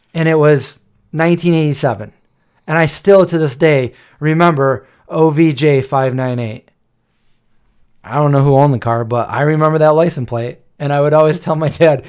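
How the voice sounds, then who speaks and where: This livestream host, a man in his forties, has a fairly high pitch with a darkish tone. Late at night he talks casually to the chat, drifting through playful nostalgic tales and breaking into old jingles.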